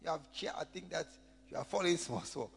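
Male preacher, high and animated, playing out little scenes; echoey hall, faint music. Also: a little fast, creaky. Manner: animated, acts out little scenes with comic voices. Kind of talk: sermon with interpreter.

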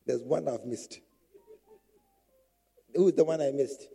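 A man's voice: mid-range voice, unhurried, creaky, husky. A man preaching a sermon to church leaders, repeating phrases and acting out quotes. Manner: animated preaching with repetition and acted quotes. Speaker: pastor.

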